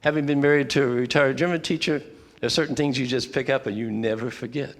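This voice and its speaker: An older man teaching a prayer workshop in a relaxed, rambling way, full of side remarks. His medium-pitched voice carries a long reverb from the hall he speaks in. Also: quick pace. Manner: relaxed, conversational with asides and restarts. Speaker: workshop leader. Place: church fellowship hall.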